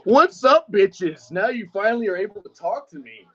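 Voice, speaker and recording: Animated and high-voiced at a moderate pace, the streamer jeers at his rival after calling in to the rival's stream, goading him in a heated online voice chat. The recording is muffled.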